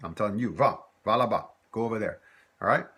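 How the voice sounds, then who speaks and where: A man from teaches a recorded lesson, with a lowish, husky voice and a forceful edge. He explains patiently and step by step, repeating short example phrases. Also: quick pace. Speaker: French teacher.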